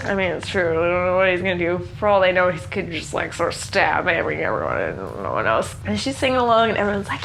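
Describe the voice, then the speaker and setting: A woman's voice: on the low side, fairly quick, creaky, a bit bright, a little hiss or hum. A woman hosting a podcast, recapping an episode with casual, sarcastic, slang-heavy comedy. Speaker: podcast host.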